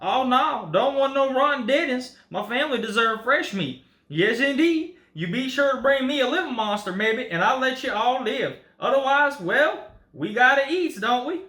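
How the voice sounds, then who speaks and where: A man's voice: extremely high pitch, expressive, normal speed, sharp tone, echoey room, voice pushed up, heavily acted. A man voicing a hungry old male hillbilly captor in a put-on Southern hillbilly accent, folksy and drawling. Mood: gleeful menace. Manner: folksy, drawling, gleeful menace.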